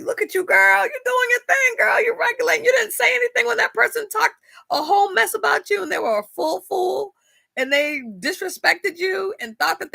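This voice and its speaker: A woman's voice: lowish voice, pushed and bright, no room sound, clean studio sound. A woman hosting a casual faith-based talk, chatty and laughing often as she speaks straight to her listeners. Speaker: podcast host.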